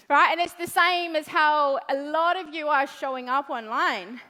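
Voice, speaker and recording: A woman's voice: high-pitched, pushed and bright. A woman with a New Zealand accent giving a motivational talk at an event, blunt, profane and playful. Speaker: motivational speaker. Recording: long hall reverb.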